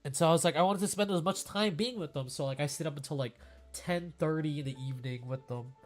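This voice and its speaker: Tearful rambling young man, fairly high voice. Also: fast, soft background music. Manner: rambling, many fillers, emotional. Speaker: streamer. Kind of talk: casual emotional chat.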